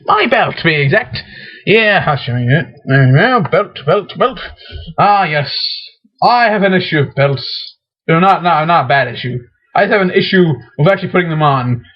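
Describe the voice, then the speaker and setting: A high-voiced young man chatting to the camera in a rambling, excitable way. He keeps restarting his sentences and slips into frantic acted-out rants. The audio is dull and lo-fi, like an old webcam mic. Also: moderate pace. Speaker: vlogger. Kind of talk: rambling casual vlog.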